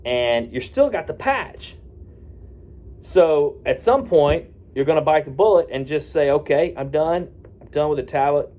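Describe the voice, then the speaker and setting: A man's voice: a little high, mellow, dull audio. A man who is a physician, explaining a medication taper in a casual, folksy way and often checking in with "okay?" and "right?". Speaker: physician giving addiction-medicine advice. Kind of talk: casual talk to camera.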